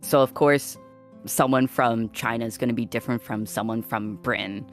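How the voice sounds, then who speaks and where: A woman's voice: rumbling low, moderate pace, faint music behind. A woman chatting as a guest on a streamed talk show, eager and talkative, laughing easily. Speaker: podcast guest.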